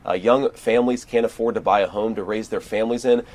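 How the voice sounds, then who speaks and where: A male politician answering an interviewer in a measured, deflecting way. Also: on the low side, steady tone, darkish tone.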